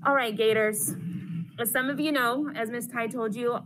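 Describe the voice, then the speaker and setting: A young woman reads a rhyming picture book to a class, bouncing through the lines in a lively sing-song. Her voice sits fairly high, and a steady noise runs under the recording. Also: moderate pace. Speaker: counselor intern. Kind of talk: reading a picture book aloud to children.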